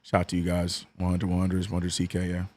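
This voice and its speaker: A man with a New Orleans accent and a cracking, hoarse voice, calling a game as a fan streamer and chatting with his viewers. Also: fast talker. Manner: swings from excited calls to low, mumbled chat with viewers. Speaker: streamer doing fan play-by-play. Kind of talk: watch-along play-by-play and chat.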